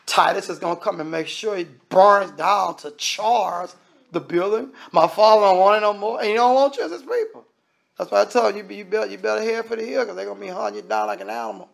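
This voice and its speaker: A man's voice: sits high, expressive, fast talker, gravelly. A man preaching a sermon in a conversational way, often acting out the voices of the people he quotes.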